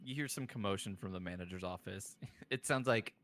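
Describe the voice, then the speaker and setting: A man narrating a tabletop role-play game in a halting, giggly way. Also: deep voice, a bit bright. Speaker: game master.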